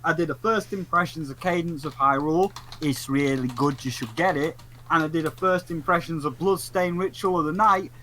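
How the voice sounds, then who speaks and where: A man hosting a casual podcast chat, animated and joking, slipping into theatrical asides. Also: a little high, moderate pace, rough recording. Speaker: podcast host.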